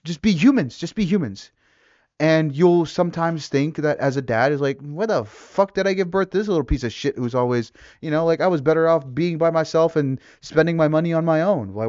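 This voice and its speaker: A young man rants in a loose, rambling way, swearing freely and tripping over restarts and fillers as he works his thoughts out loud. His voice sits at an ordinary middle pitch. The audio is a bit dull and lo-fi. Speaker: vlogger. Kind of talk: casual rant to camera.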